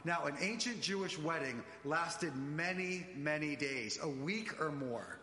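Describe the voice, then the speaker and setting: A man delivering an animated sermon, speaking directly to the congregation in a church. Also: a little high, a little slow. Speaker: preacher. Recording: echoey church hall.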